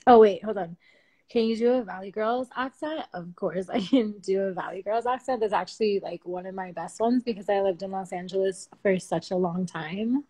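A woman chatting casually on a phone livestream at home at night, slangy and profane, animated and quick to laugh. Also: mid-range voice, slightly rough, low-quality recording.

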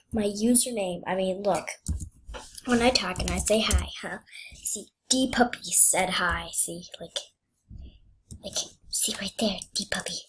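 A woman's voice: medium pitch, measured pace, slight background noise. A young woman chatting casually while playing a game, playful and chatty, often dropping into whispers. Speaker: gamer. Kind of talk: casual gameplay commentary. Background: faint keyboard clicks.

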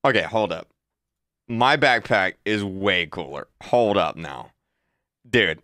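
A man in his twenties hosting a casual reaction video, excitable and repetitive, often breaking into high-pitched shouts. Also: takes it slowly, dry recording, studio quality. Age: 20s. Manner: excitable, repeats himself, bursts into high shouts.

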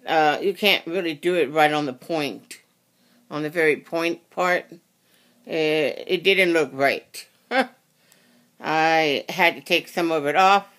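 Craft tutorial host, casual and rambling, apologetic, unhurried pace, bright tense tone. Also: mid-range voice. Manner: rambling, self-correcting, apologetic. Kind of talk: casual how-to demonstration.

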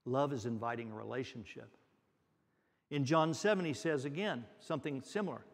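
A man's voice: medium pitch, moderate pace, vocal fry. A man preaching a sermon as pastor, earnest and repeating key words for emphasis. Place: church sanctuary. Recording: long reverb of a church hall.

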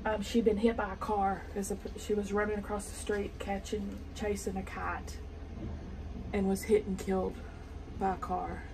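A woman's voice: mid-range voice, little pitch movement, moderate pace, noisy background. A woman with a Southern accent chatting and telling stories as she sews, in a meandering, casual way. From Arkansas. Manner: chatty, meandering, soft-spoken asides. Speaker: sewing vlogger. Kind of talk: casual storytelling while sewing. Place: home sewing room.

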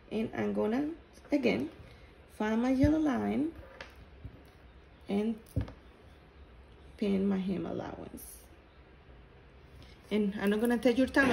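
A woman walks through a sewing tutorial at an unhurried, halting pace, often restarting her phrases. English is not her first language, and her mid-range voice carries a gravelly fry. Faint room ambience sits under the recording. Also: mid-range voice, a little mellow, slight background noise, low-quality recording. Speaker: sewing instructor.

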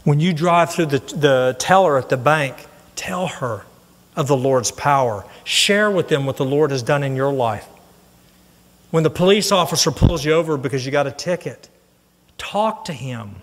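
A middle-aged man preaching a sermon, telling a personal story in an earnest, animated way. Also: fairly high pitch, normal speed. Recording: long hall reverb.

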